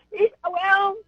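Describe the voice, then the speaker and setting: A man's voice: very high voice, no room sound. A man calling in to a radio swap show, joking and chatting casually. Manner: joking, friendly. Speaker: caller. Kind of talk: casual call-in chat. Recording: dull lo-fi phone line.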